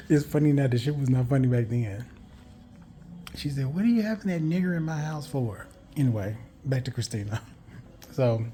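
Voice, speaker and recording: A man's voice: medium pitch, warm tone. A man vlogging a candid personal story in a rambling, frank way, correcting himself and swearing casually.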